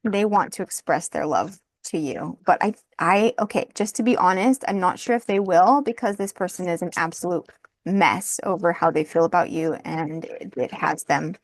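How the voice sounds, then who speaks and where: A woman's voice: fairly low pitch, normal speed, no echo. A woman doing a casual tarot card reading, thinking aloud, often breaking into laughter and apologizing. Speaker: tarot reader.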